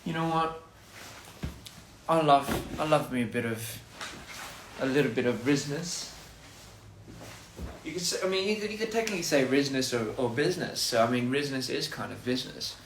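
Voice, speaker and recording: A man's voice: medium pitch, normal speed, long pauses, roomy sound, slight background noise. Man rambling playfully on a livestream. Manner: goofy, rambling wordplay, laughs at own jokes. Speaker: livestream host. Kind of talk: casual livestream chat.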